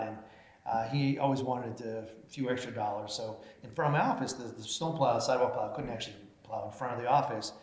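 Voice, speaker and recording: A middle-aged man giving a humorous speech, telling self-deprecating stories full of fillers and acted-out voices. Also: medium pitch. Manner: self-deprecating, acts out voices in his anecdotes, many fillers. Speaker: mayor giving an award speech. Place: banquet hall at a chamber of commerce meeting. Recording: roomy hall with faint noise.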